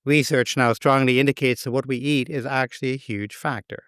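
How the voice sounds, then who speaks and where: A man's voice: mid-range voice, steady tone, a little fast, fairly bright tone, smooth, no echo. A man preaching a sermon as pastor, conversational with dry, wry humor.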